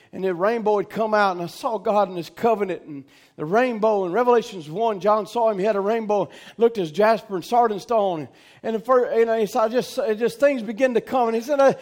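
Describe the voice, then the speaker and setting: A man preaching a sermon, telling a folksy story and building to fervent shouts with call-outs to the congregation. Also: extremely high pitch.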